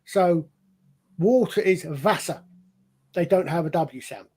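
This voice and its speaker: A man with a somewhat high-pitched voice, talking in a relaxed, chatty way. He rambles through long explanations as a podcast co-host, doubling back and restarting his points as he goes. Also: unhurried. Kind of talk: casual chat.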